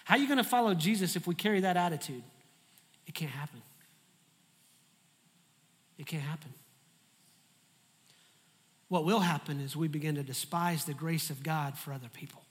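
High-voiced preacher in a hall. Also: male voice, quick pace, hardly any pauses. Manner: animated, humorous storytelling preacher. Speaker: pastor. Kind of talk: sermon.

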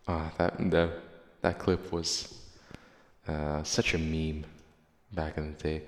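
A man's voice: very deep voice, little pitch movement, takes it slowly, long pauses. A male podcast host in casual chat, reading listener replies aloud in a profane, sarcastic, rambling way. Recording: echoey room with long reverb.

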